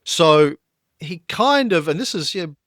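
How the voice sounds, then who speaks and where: A man's voice: fairly high pitch, animated, a little slow, fairly bright tone, dry recording, clean studio sound. A man co-hosting a history podcast, explaining events with frequent fillers and restarts. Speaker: podcast co-host.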